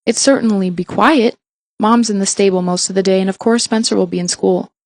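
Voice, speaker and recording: A woman voicing a mild, agreeable middle-aged father who talks unhurried. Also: medium pitch, no room sound, lightly acted.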